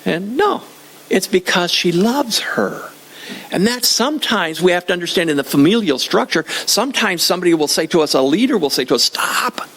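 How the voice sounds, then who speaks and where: A man's voice: high-pitched, gravelly, fairly bright tone, husky. An older man preaching a sermon in a church, conversational and joking, often repeating his phrases. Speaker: pastor.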